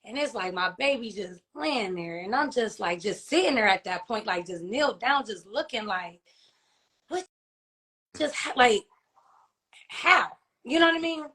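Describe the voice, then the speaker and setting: In a fairly high, bright voice with lively intonation and a forceful tone, an interview guest who is a grieving mother and author recounts her loss. She speaks haltingly and from the heart, restarting and using fillers often, and repeatedly asks "you know what I mean?" in this emotional testimony.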